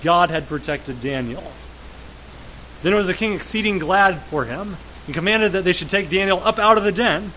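A man's voice: high-pitched, normal speed, sharp tone, slight background noise, poor audio. A man preaching a sermon, retelling a scripture story in a storytelling way and repeating words as he goes.

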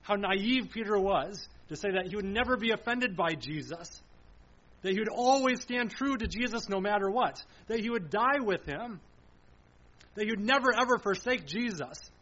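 Male preacher with a high voice, solemn and emphatic, full of repetition and rhetorical questions; muffled lo-fi sound. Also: expressive, moderate pace, bright, forceful tone. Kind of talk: sermon.

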